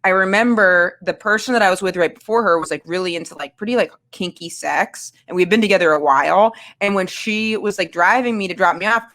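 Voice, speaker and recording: A woman's voice: fairly low pitch, fairly quick, hardly any pauses, fairly bright tone. A woman guest telling a candid, self-mocking dating story in a rambling way, full of filler words. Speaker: guest comedian.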